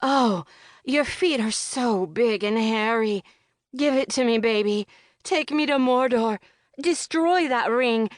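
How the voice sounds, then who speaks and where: A woman's voice: fairly high pitch, takes it slowly, dry recording, clean studio sound, voice pushed up. A woman voicing a brash, foul-mouthed young woman who teases her friend with sarcasm, in an audiobook. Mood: mocking. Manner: sarcastic, teasing, crude.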